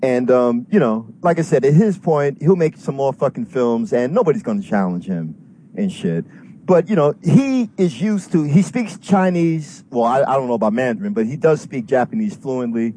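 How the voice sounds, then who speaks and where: A man's voice: mid-range voice, expressive, normal speed, dark tone, slight background noise. A man calling in to a talk show, ranting at length in a heated, profane way and swearing constantly. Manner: profane, fired-up, heavy swearing. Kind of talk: heated call-in rant.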